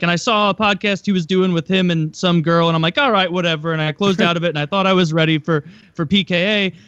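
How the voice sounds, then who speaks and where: A man's voice: a little high, fairly bright tone, dry recording, lo-fi sound. A man co-hosting a podcast in casual chat, telling loose stories with crude jokes. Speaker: podcast co-host.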